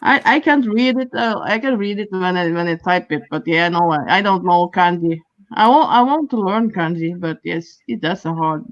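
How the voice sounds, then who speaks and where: A man's voice: high voice, dry recording. A man chatting casually on a livestream, hesitant and stammering, laughing often. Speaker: livestream participant. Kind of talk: casual chat. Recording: dull lo-fi audio.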